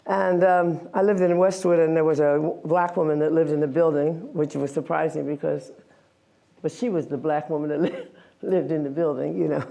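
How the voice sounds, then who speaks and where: A woman's voice: low voice, moderate pace, gravelly. A woman in her eighties, an activist giving a candid, wry talk about her past to an audience. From United States. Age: 80s. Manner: candid, wry, animated storytelling with self-mocking laughs. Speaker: guest speaker, activist. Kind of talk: storytelling talk before an audience.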